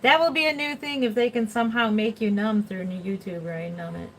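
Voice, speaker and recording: A woman's voice: a little high, fairly quick, a little hiss or hum, rough recording. A middle-aged woman chatting casually and rambling on a livestream as a doll artist, laughing often.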